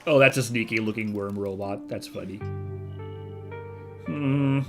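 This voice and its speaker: A man's voice: fairly low pitch, measured pace, long pauses, over music. A man hosting a casual let's-play video, chatty and thinking aloud with frequent fillers and self-corrections. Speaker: gaming video host.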